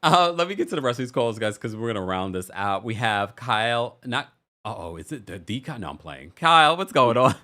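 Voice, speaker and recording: A man's voice: medium pitch, fairly quick. A man hosting a casual live stream, reading viewer messages and taking calls. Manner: animated, reads super chats aloud. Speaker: host.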